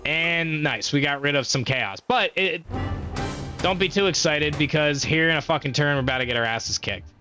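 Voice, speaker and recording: Young male streamer, bright voice, profane play-by-play with faint game music behind. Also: fairly high pitch, normal speed. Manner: profane, trash-talking, mocking enemies. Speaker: gaming streamer. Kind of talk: casual gameplay commentary.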